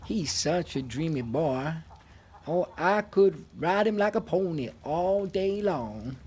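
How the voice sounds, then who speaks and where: A man's voice: on the high side, animated, a little mellow, slight background noise. Clementine, a man doing a drawling Southern girl. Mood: lovestruck. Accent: American Southern. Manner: drawling, slow and swooning. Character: gushing lovestruck Southern country woman.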